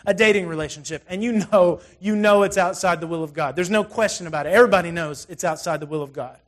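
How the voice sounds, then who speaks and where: A middle-aged man preaches from the front of a church, casual and animated, with plenty of asides and stories. His speaking voice sits high for a man. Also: fast talker. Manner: conversational, animated storytelling with frequent asides. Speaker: pastor. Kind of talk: sermon.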